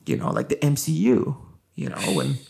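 A man hosts a relaxed podcast chat with his wife. His voice has a gravelly edge, and he talks in a loose, lively way with frequent laughs and fillers. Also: mid-range voice, brisk. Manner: animated, laughing, loaded with fillers. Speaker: podcast host.

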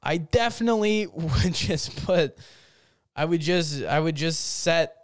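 A man's voice: fairly high pitch, expressive, unhurried, dry recording, studio quality. A young man telling a rambling, jokey story in a casual vlog, full of fillers and restarts. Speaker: vlogger.

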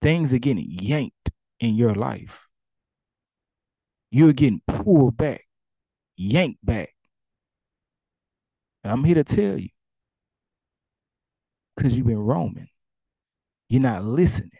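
Gravelly preaching man, dark tone. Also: mid-range voice, lively intonation, slow pace, pauses often, no room sound. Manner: preaches in casual dialect, acting out commands and swinging between loud and hushed. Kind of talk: sermon.

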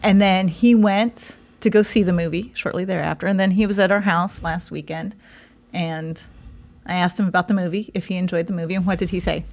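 A woman's voice: fairly low pitch, steady tone, a little fast, darkish tone. A woman guesting on her husband's podcast who talks in a rambling way, teases him and laughs a lot. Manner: rambling, teasing, laughs often. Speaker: podcast guest, host's wife. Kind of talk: casual podcast chat. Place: small studio set.

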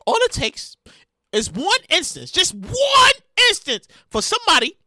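Lady podcast host going off, super high bright voice, loud and cussing, bouncing all over. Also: measured pace, no room sound, clean studio sound. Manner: loud, animated, profane ranting with frequent shouting. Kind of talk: comedic current-events rant.

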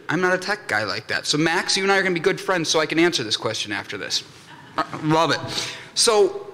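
Bright-voiced jokey man in a conference hall. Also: on the high side. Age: young adult. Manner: jokey storyteller, acts out voices in anecdotes. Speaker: conference speaker. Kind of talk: comedic keynote talk to a live audience. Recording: long hall reverb from a conference room.

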